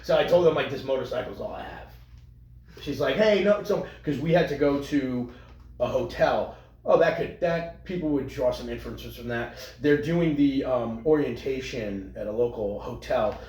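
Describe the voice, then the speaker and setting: A man co-hosting a podcast in casual crude banter, animated and profane, with lots of trailing restarts. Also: medium pitch, moderate pace, roomy sound. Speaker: podcast co-host.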